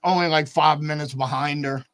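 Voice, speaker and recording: A man in casual chat who talks haltingly, repeating words and swearing. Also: fairly high pitch, fairly even intonation, a bit bright, dry recording.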